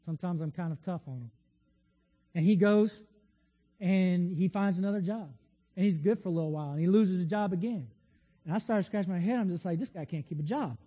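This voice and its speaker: A man's voice: high voice, a little fast, mellow, in a large hall. A man preaching a sermon in a conversational, storytelling way with frequent restarts.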